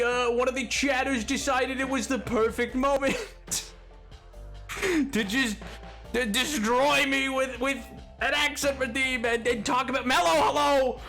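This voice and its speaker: A man's voice: very high-pitched, sharp tone. A man streaming a game, chatting casually and rambling off on tangents, often breaking into laughter. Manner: rambling and digressive, quick to laugh. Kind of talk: casual live-stream chat while gaming.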